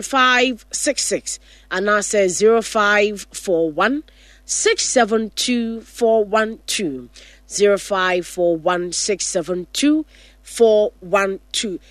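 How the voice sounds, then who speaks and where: A woman hosting a call-in radio show in a studio, briskly taking calls and reading out phone numbers slowly. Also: medium pitch, dry recording.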